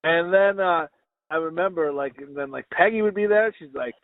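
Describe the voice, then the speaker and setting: High-voiced rambling male podcaster. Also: normal speed. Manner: laughing, rambling storyteller. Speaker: podcast co-host. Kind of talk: crude casual chat. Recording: tinny, phone-like sound.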